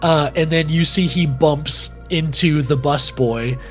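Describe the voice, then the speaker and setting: A man's voice: a little high, measured pace, fairly bright tone, faint music behind. Casual male game master narrating. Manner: casual, filler-heavy.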